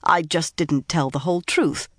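A woman's voice: sits low, fairly even intonation, normal speed, husky, no room sound. A woman reading an audiobook voicing a proud young village healer who turns flustered and defensive, in a dry recording.

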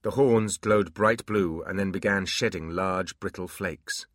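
A man narrating a fantasy audiobook in an expressive storytelling manner. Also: low voice, unhurried, dry recording, studio quality.

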